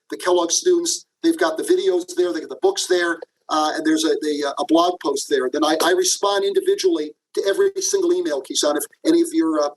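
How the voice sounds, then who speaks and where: Middle-aged guy w a high voice, lively storyteller, keeps asking "okay?". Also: low-quality recording. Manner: animated, acts out quotes, frequent "okay?" asides. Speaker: guest, leadership professor. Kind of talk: podcast interview, storytelling.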